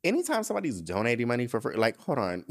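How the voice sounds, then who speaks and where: A man's voice: medium pitch, wildly swooping pitch, fast. Sassy campy young man riffing on headlines. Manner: sassy, campy, reads headlines then riffs with side comments. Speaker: podcast host. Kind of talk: casual solo commentary on celebrity news.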